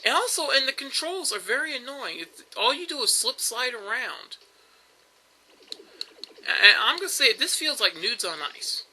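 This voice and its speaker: Young guy talking over his game, kinda high and really bright, rambly with lots of ums. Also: very animated, normal speed, a little hiss or hum, rough recording. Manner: rambling, chatty, with frequent fillers and restarts. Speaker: gameplay commentator. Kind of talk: casual let's-play commentary.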